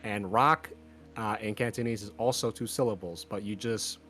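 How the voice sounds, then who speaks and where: A man's voice: lowish voice, steady tone, moderate pace, fairly bright tone, faint music behind. A man from New York on a voice call, confidently explaining and joking in casual chat. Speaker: caller.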